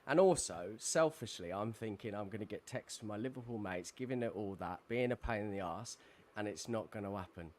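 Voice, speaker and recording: A man's voice: fairly low pitch, animated, a little fast, a little mellow. A man hosting a football podcast, greeting his panel in a hearty, chummy way. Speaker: podcast host.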